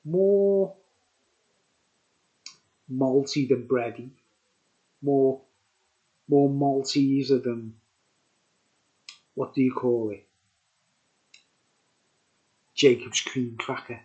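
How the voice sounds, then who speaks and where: A man's voice: medium pitch, level tone, slow pace, long pauses, a little mellow, dull audio. Rambling man with a Birkenhead Scouse accent. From Birkenhead, England. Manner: rambling, repeats "you know what I mean". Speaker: beer review vlogger. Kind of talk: rambling casual vlog chat.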